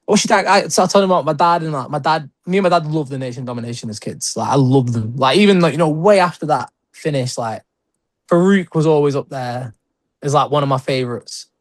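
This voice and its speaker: A young British man talks through his stories in a loose, rambling way, leaning on "like" and quick laughs. His voice sits a little high for a man, and the recording is close and dry with no room sound. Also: no room sound. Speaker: guest wrestler. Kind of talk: casual interview chat.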